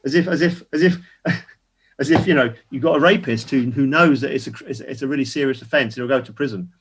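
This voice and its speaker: A man's voice: medium pitch, a little fast, slightly rough. An older man, a guest activist on a casual online panel, making emphatic, indignant points and repeating words as he builds them.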